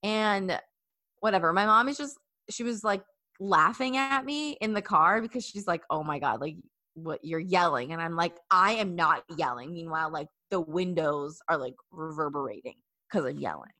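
A young woman in her twenties telling a story in casual chat, animated and full of fillers. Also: on the low side, moderate pace.

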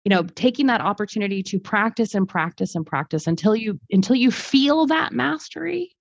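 A guest speaker living in Germany talks thoughtfully in a podcast conversation, working through her ideas with restarts and fillers. Her medium-pitched voice is animated, a little fast, creaky, and breathy-edged, recorded dry with dull lo-fi sound and no room tone.

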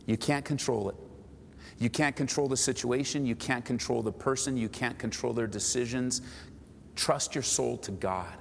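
A man preaching a sermon as a pastor, building to high, emphatic pleas. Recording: long hall reverb, faint background noise.

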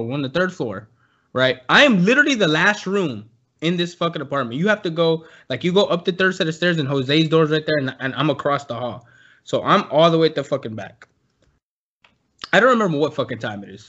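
A man's voice: on the high side, a little fast, muffled recording. A young man casually telling a story with lots of swearing, acting out what people said. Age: young adult. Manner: animated, profane, laughing, acts out voices.

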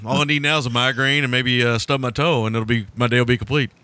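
A man's voice: medium pitch, fairly even intonation, fast talker, pushed and bright, clean tone, dry recording. A man and father co-hosting a film podcast, chatty and self-mocking with frequent laughs. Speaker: podcast co-host, a parent. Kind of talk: casual film podcast chat.

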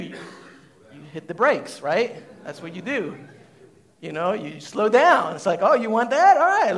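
Animated high-voiced male pastor. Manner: conversational, animated, many "like" fillers, asks the audience questions. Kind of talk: sermon. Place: church hall before a congregation.

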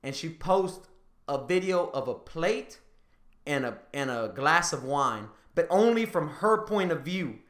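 A man's voice: a little slow, echoey room. A man hosting a podcast, telling a dating story in casual chat and laughing as he gets worked up. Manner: animated, laughing storyteller, rises high when excited. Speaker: podcast host.

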